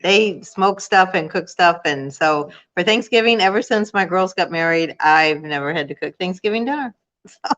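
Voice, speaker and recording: A woman's voice: fairly low pitch, expressive, normal speed, fairly bright tone. An older woman, a grandmother, chatting casually and giggling on a livestream, reading out viewer comments on a dull, lo-fi recording. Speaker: co-host.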